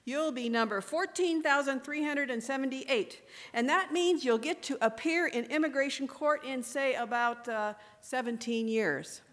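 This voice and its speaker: A woman's voice: high voice, normal speed, a bit bright, voice pushed up. A woman reading aloud as a weary, irritable male border soldier, questioning with dry skepticism. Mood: curt, sardonic. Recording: echoey room with long reverb.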